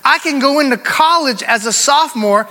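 High, bright-voiced male preacher. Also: moderate pace. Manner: preaching with call-and-response and emphatic repetition. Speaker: pastor. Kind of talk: sermon.

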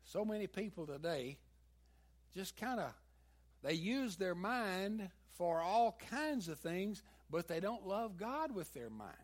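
A man's voice: high-pitched, very animated, slow. A man with a Southern US accent preaching a sermon, mixing folksy stories with emphatic peaks. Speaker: pastor.

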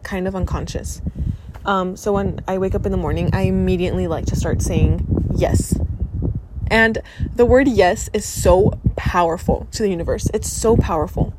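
A young woman in her late teens hosting a casual podcast, chatty and excitable, full of fillers and casual swearing. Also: mid-range voice, background noise. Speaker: podcast host. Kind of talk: casual chat.

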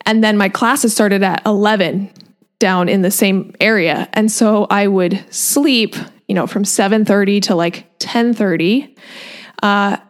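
A woman nutrition coach talking in a casual podcast monologue, chatty and full of "like" fillers and light laughter. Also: mid-range voice.

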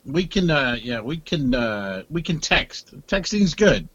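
A man's voice: a little high, big pitch swings, a little slow, fairly bright tone, slightly rough, dry recording, highs cut off. A man co-hosting a comedy podcast in casual chat, rambling and hesitant, acting out little exchanges. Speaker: podcast co-host.

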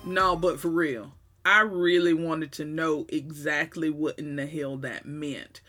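A woman's voice: low-pitched, fairly even intonation, unhurried, sharp tone, soft background music. A woman with a Southern US accent telling a personal story in a conversational way, with emphatic asides. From Southern United States.

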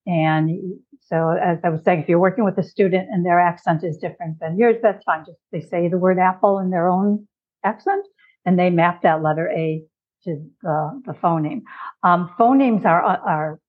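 Woman from chicago explaining stuff patiently, sounds like a video call, thin tinny audio. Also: lowish voice. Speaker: guest expert on literacy. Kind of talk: conversational explanation.

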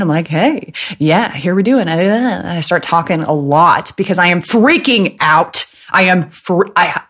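A woman from the American Midwest, in her thirties, hosts a casual solo podcast. She tells stories in a chatty, joking way. Her voice sits slightly lower than most women's. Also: slightly rough. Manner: chatty, jokey, fast talker. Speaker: podcast host.

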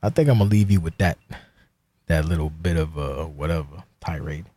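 A man's voice: very deep voice, brisk, warm tone, slightly rough, no room sound. A man hosting his own podcast, ranting alone in a heated, profane, rambling way. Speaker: podcast host. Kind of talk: casual solo rant.

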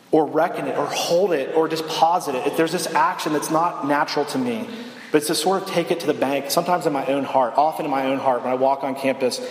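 A young man giving a sermon as a campus minister, conversational and self-deprecating, often restarting his sentences. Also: mid-range voice. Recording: echoey hall reverb.

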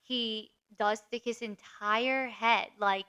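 Young woman host, bright, chatty. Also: on the high side, takes it slowly, clean tone. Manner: animated plot retelling, frequent "like". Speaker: podcast co-host. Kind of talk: casual book chat.

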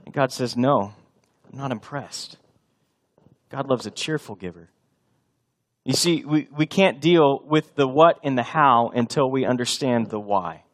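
A male pastor preaching a sermon, emphatic and animated, slipping into acted-out voices for imagined scenes. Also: medium pitch, moderate pace.

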